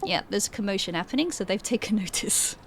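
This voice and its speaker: A woman's voice: mid-range voice, sing-song, quick pace. A woman narrating a tabletop game as game master, casual and giggly.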